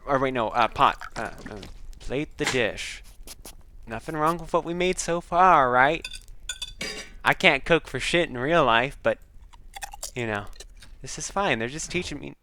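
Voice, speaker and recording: A man chatting his way through a game in a bright, forward voice, full of rambling, self-deprecating asides. He sits close to his desk mic, and his breathing comes through into it. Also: mid-range voice, a little hiss or hum. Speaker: game commentator. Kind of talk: casual let's-play commentary. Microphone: desk microphone close up.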